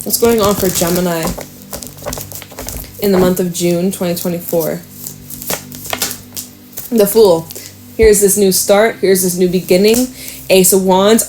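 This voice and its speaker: A woman giving a casual tarot reading, chatty and excitable, swearing and laughing now and then. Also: medium pitch, normal speed, long pauses, a little hiss or hum. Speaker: tarot reader.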